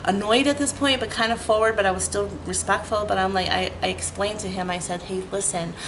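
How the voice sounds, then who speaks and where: A woman's voice: mid-range voice, fast talker, noisy background. Woman ranting through a storytime. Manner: animated, heavy 'like' fillers, swears freely. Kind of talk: casual storytime rant.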